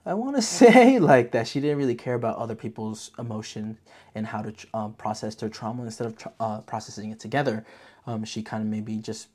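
A vlog host giving a casual movie review, talking in an animated, profane way full of filler words. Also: medium pitch, fairly quick.

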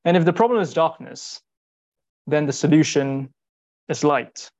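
A man giving a sermon in an earnest, rhetorical way, repeating short phrases and pausing for weight. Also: on the high side, darkish tone, highs cut off. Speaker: speaker giving a Bible talk.

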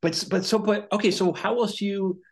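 A man's voice: high voice, fairly even intonation, brisk. Rambling male podcast host. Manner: rambling, restarts his questions. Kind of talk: casual interview chat.

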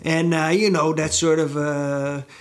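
A man's voice: a little high, little pitch movement, a little slow. A middle-aged man from the United States, a show host telling a rambling, self-deprecating story to camera with many fillers and side tracks.

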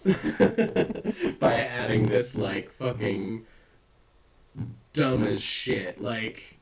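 A man's voice: mid-range voice, sing-song, very slow, creaky, distant mic, a crowd in the background, low-quality recording. A man chatting casually as a podcast co-host, rambling and swearing often with self-mocking humor. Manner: rambling, profane, self-deprecating. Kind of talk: casual chat.

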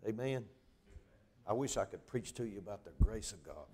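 Low-voiced preacher, loud then hushed. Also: male voice, animated, normal speed. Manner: swings from loud outbursts to hushed near-whispers. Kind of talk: revival sermon storytelling. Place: church revival service.

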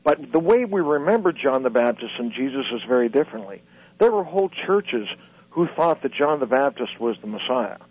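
A man speaking as an author and lecturer guest on a radio interview, halting and repeating words as he tells his story. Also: mid-range voice, sing-song, slightly rough. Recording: dull lo-fi radio audio.

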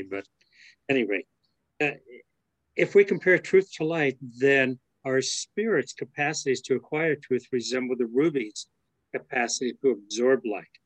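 A man's voice: medium pitch, no echo. Thoughtful man musing on a reading. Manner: thoughtful, reads aloud then muses. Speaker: study group member. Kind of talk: reflective reading and discussion. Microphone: video call.

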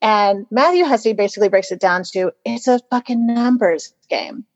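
A woman's voice: mid-range voice, normal speed, darkish tone, no echo, dull audio. A woman co-host telling a dating story in casual chat, candid and laughing, swearing freely. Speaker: podcast co-host.

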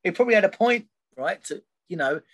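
A middle-aged man guesting on a podcast tells a personal story in a high, animated, fast voice. He rambles, drops in plenty of fillers, and often ends his sentences with "right?".

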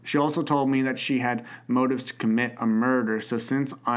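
A man's voice: mid-range voice, steady tone, moderate pace. Stammering young male podcast host. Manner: hesitant, stammering restarts. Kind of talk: casual advice podcast.

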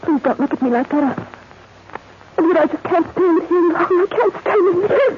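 An actress playing a nervous, tender young governess in a 1940s radio drama, talking in a breathy, anxious way. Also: female voice, high-pitched, fairly even intonation, quick pace, natural voice. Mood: distraught. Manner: breathy, anxious inner monologue. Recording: noisy, muffled 1940s radio recording.

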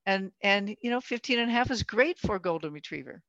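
A woman's voice: medium pitch, expressive, fast, a bit bright, dry recording. A woman in her sixties in casual conversation, telling stories chattily, acting out quotes and laughing often. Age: 60s. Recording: dull dry lo-fi sound.

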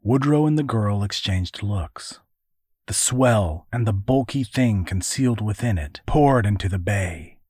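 A man narrating an adventure story in a measured, even audiobook reading. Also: on the low side, husky, dry recording, studio quality.

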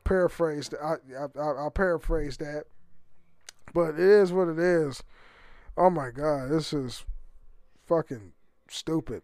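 A man's voice: a little high, slow pace, long pauses, darkish tone, no echo, clean studio sound. A man hosting his own podcast, rambling and swearing freely, often stumbling over repeated words and laughing. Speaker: podcast host. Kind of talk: casual solo podcast rant.

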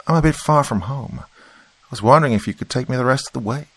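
A man's voice: medium pitch, brisk, husky, no room sound, voice pushed up. A man voicing a strange, gaunt young stranger with a put-on broken transatlantic accent, big and overly polite. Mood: eerie polite. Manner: big, enthusiastic, formal.

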